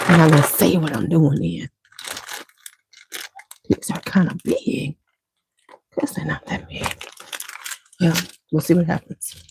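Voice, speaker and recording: A woman's voice: deep voice, unhurried, creaky, long pauses, heavy background noise. A woman hosting a beauty channel, chatting casually and scattered with viewers and greeting them by name. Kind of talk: casual chat with live viewers.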